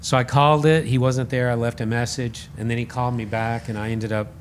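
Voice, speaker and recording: A man guest on a podcast, telling a story in a casual, animated and self-deprecating way, acting out the voices he quotes. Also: mid-range voice, fairly quick, a little hiss or hum. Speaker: podcast guest, radio host.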